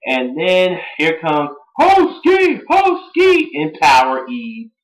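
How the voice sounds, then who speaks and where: A young man giving a rambling, excitable recap of a wrestling show, laughing and mimicking what people said. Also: fairly high pitch, slow pace. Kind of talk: casual recap monologue. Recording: echoey room.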